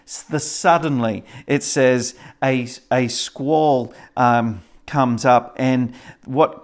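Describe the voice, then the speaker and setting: A male pastor preaching a sermon, retelling a story with lots of fillers. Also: mid-range voice. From Australia.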